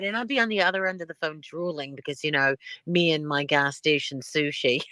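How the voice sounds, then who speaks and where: A woman's voice: on the low side, lively intonation, measured pace, pauses often, bright, forceful tone, dry recording. A middle-aged woman hosting a live stream in casual chat, rambling from one thing to the next and laughing often.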